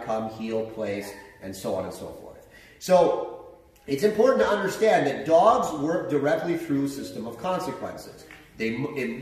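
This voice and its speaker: Man, dog trainer, lively pitch, explanatory, very echoey room, far from the mic. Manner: plain, explanatory, with fillers. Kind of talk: instructional explanation.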